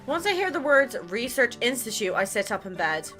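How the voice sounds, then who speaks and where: A woman's voice: fairly high pitch, sing-song, moderate pace, a bit bright. A woman gaming creator reading a romance game aloud in a playful, chatty way. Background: game music.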